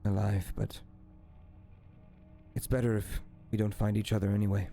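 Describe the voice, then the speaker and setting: A man voicing a grieving male hunter set on revenge, who speaks in a grave, measured way with few words. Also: on the low side, level tone, gravelly, dark tone, slight background noise.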